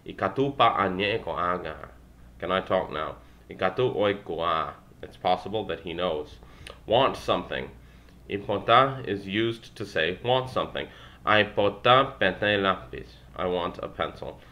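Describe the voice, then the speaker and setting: A young man with a low, bright-edged voice reads through a language textbook aloud. He stumbles and corrects himself, dropping dry little asides between phrases. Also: expressive. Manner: halting, self-correcting, wry asides. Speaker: language learner vlogger.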